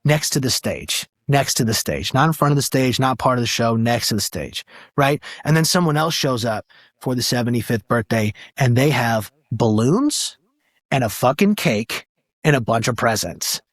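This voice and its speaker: A man's voice: medium pitch, normal speed, no room sound. Comedian guy telling a wild story on a podcast, cusses, acts out the people, dead dry room. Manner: animated, profane, acts out the people in his story. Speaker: stand-up comedian, podcast guest. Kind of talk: casual storytelling. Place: podcast studio.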